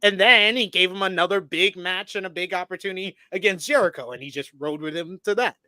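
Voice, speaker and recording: A man's voice: high-pitched, a little fast, sharp tone, no echo. A man co-hosting a casual wrestling review show, reading viewer donations and insisting on his points by repeating them. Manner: insistent, repeats himself when arguing.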